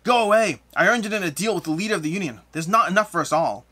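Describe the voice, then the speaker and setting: A man voicing the ghost of a man who screams frantically and greedily, read aloud from a board game's story text. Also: quick pace. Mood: frantic. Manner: shrill, moaning, desperate shouting.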